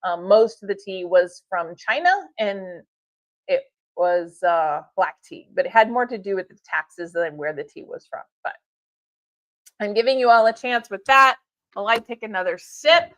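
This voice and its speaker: A woman's voice: medium pitch, moderate pace, fairly bright tone, no echo. A woman hosting a live stream for her tea shop, talking in a chatty, upbeat way with fillers and laughs. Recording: dull lo-fi stream audio.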